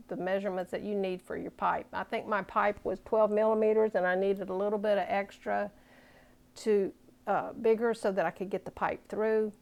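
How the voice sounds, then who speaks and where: A woman's voice: medium pitch, gravelly, a little mellow. A woman walking through a design program step by step in a casual, chatty way, thinking aloud as she goes. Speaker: craft tutorial maker. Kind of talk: casual screen tutorial.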